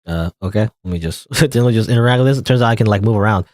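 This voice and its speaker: A man's voice: lowish voice, rapid-fire, a little mellow, dry recording. A man giving casual, playful commentary while playing an indie game, rambling and chuckling at the game. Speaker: gamer. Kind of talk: let's play commentary.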